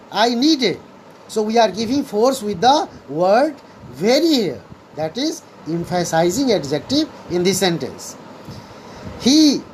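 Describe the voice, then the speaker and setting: A woman's voice: mid-range voice, a little mellow, slight background noise, poor audio. A woman teaching a grammar lesson to students, going over each definition again and again and returning often to "here" and "so students". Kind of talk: slow classroom lesson.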